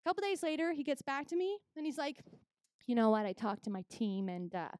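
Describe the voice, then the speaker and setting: A young Canadian woman with a high, brisk voice performs a stand-up comedy set, animatedly telling stories and acting out both sides of each conversation. The recording is dry and studio-clean.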